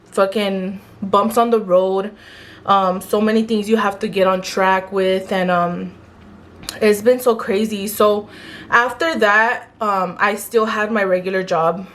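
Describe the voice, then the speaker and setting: A woman's voice: medium pitch, steady tone, unhurried. A young woman who owns a small brand, telling her story to camera in a casual, candid way, swearing often and using many fillers like um and like. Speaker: small clothing brand owner.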